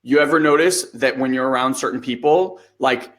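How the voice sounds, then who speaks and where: A man in his thirties co-hosting a podcast, telling a story in a loose, animated way and acting out the lines he quotes. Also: medium pitch, moderate pace. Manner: animated storytelling, acts out quotes, swears casually. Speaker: podcast co-host. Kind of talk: casual conversation.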